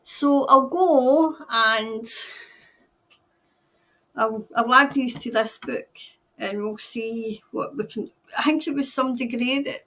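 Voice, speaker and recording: A woman's voice: fairly high pitch, fairly bright tone. A Scottish woman hosting a tarot livestream, chatting casually and ramblingly with viewers while tired.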